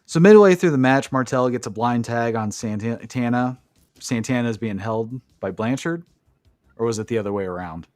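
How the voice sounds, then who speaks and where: A man's voice: mid-range voice, moderate pace, a little mellow, no echo. A man co-hosting a podcast, recapping wrestling matches in a casual, profane, enthusiastic play-by-play way. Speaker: podcast co-host.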